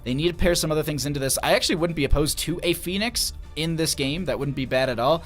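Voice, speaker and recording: A young man casting a competitive video game match solo on a stream, his voice sitting a touch high for a man. He talks in a loose, chatty way, laughs easily and trips over player names as he reads chat. Music plays quietly underneath. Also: fast. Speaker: esports caster. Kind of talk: solo game commentary on a livestream.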